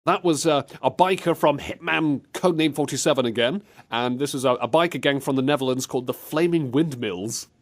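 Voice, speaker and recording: A man's voice: mid-range voice, fairly quick, hardly any pauses. A man hosting a comedic podcast, laughing a lot and slipping into silly voices. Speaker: show host.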